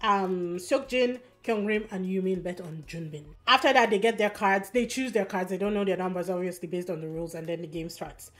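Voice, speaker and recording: A woman giving a casual, animated recap of a competition show, telling the story quickly with fillers and quick asides. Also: lowish voice. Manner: animated, fast storytelling with fillers and acted quotes. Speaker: recap vlogger.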